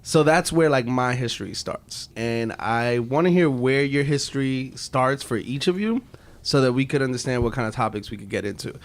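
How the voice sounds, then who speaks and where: A man's voice: medium pitch, lively intonation, normal speed. Young guy hosting a podcast, chill and chatty, says like a lot. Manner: laid-back, chatty, lots of "like" fillers. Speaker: podcast moderator. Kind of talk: casual podcast chat.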